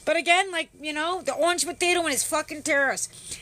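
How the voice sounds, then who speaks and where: A woman's voice: sits high, quick pace, bright, forceful tone. A woman hosting a livestream, ranting sarcastically with heavy swearing and greeting her viewers. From Canada. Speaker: livestream host. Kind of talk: casual ranting livestream chat.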